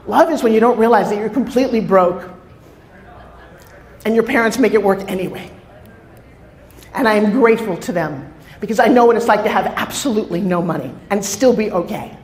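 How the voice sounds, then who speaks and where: A woman with a New York accent giving an energetic motivational stage talk, telling stories with asides to the audience. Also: medium pitch. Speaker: motivational speaker. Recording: echoey hall.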